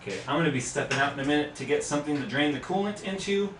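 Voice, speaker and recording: A man hosting a live stream, chatting and joking in a relaxed way as he works on a computer. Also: on the high side, rapid-fire. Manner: relaxed, joking, talks while working on a PC. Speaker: tech YouTuber host. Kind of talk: casual live stream chat while working. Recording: echoey room, distant mic, background noise.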